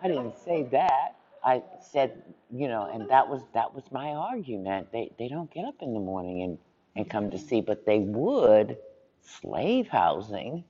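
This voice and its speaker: Guy on a panel talking real slow and easy, kinda dull muffled recording. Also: mid-range voice, very animated, dark tone, husky, big-room sound. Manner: unhurried, conversational, chuckles while telling stories. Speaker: panel speaker. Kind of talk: relaxed storytelling advice.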